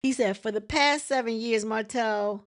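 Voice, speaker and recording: A woman's voice: fairly high pitch, moderate pace, dry recording, studio quality. A woman hosting a casual reality TV recap, chatting and retelling scenes with quoted dialogue and frequent laughs.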